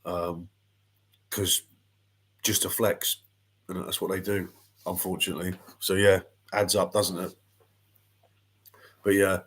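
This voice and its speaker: A man's voice: sits low, little pitch movement, takes it slowly, long pauses, fairly bright tone, breathy edge. A middle-aged man, a boxing pundit ranting bluntly and swearing freely in casual panel chat.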